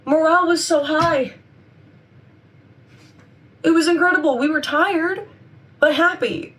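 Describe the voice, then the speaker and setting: A woman's voice: sits high, unhurried, fairly bright tone, far from the mic. A woman in her twenties, chatty and upbeat, rambling to camera in a casual vlog, her voice a little worn. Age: 20s. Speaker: vlogger and convention seller.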